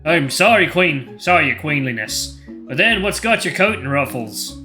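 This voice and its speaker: A man voicing a loud, bumbling male lion royal guard with a put-on accent and old-fashioned speech. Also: a little high, expressive, normal speed, faint music behind. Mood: blustering.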